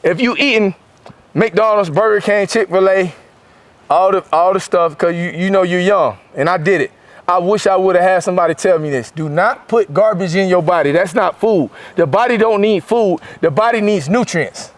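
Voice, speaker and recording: A man's voice: high voice, normal speed, no echo. A man in his forties from Florida, giving an emphatic motivational speech to a football team, mixing rhymes and street slang. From Florida, USA. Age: 40s.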